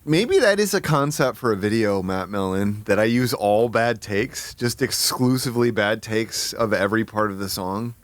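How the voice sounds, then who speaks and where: Excitable swearing man streaming live. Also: moderate pace, hardly any pauses, no room sound. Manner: excitable, swears a lot, sudden high-pitched outbursts; self-mocking, thinking aloud. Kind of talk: casual live-stream chat.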